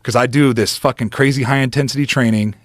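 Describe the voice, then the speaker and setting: Guest spot: male storyteller, loose and profane, energetic, laughs a lot, dry close studio mic. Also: mid-range voice, quick pace, no room sound. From United States. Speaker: podcast guest, former football player. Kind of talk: casual storytelling.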